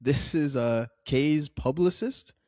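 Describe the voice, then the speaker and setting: A man's voice: on the high side, takes it slowly, darkish tone, no room sound, clean studio sound. A man co-hosting a casual film podcast, laughing often and acting out quotes from the movie. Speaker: podcast co-host.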